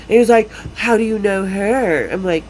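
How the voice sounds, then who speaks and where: A woman's voice: mid-range voice, normal speed, darkish tone, a little hiss or hum, rough recording. A woman in her fifties from Utah, hosting a podcast and telling a story casually, bluntly and with lots of swearing. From Salt Lake City, Utah. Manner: blunt, profane, laughs often. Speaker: podcast host.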